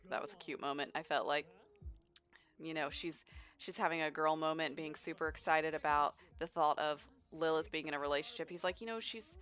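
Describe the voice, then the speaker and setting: A woman's voice: low-pitched, level tone, brisk, fairly bright tone. Chatty woman narrating a life sim. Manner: chatty, upbeat, rambling. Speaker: let's play host. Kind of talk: casual game commentary.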